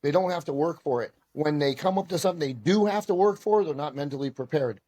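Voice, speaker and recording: Self-deprecating man with a fairly high voice. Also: fast talker. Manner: animated, self-deprecating storyteller. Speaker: podcast guest, karate instructor. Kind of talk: storytelling in casual conversation.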